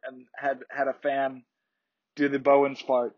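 A man's voice: a little high, steady tone, normal speed, muffled recording. A man hosting a podcast, recapping wrestling shows in a rambling, opinionated solo chat with many restarts. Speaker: podcast host.

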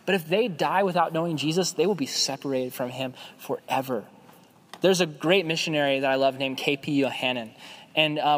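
Young man, youth pastor, casual sermon, conversational, slightly high voice, long hall echo. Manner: conversational, animated, acts out quoted voices.

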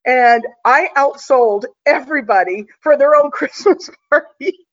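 A woman's voice: high-pitched, unhurried, highs cut off. A woman guest telling a story in a casual, confident, chatty way, with plenty of fillers.

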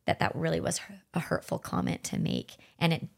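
Woman, middle-aged, low voice, gravelly, earnest, reflective podcast talk. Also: huge pitch swings, a little fast. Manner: gentle, earnest, reflective, often acting out her own past thoughts. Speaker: podcast co-host. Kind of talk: heartfelt conversational podcast talk.

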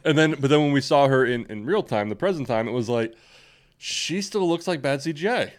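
A young man in relaxed podcast banter, his voice sitting at an ordinary middle pitch. He rambles, restarts his sentences and breaks into laughter often. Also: fairly quick. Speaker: podcast co-host. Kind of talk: casual chat.

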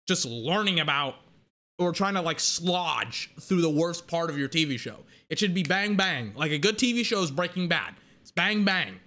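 A man ranting casually to camera about a TV series, rambling and animated, with lots of restarts and fillers. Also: sits high. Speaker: vlogger reviewing a TV series.

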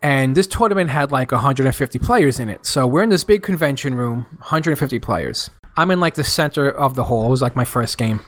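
Animated man telling a story. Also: brisk, hardly any pauses. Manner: animated storyteller, jumps up in pitch for quoted voices. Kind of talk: casual storytelling chat.

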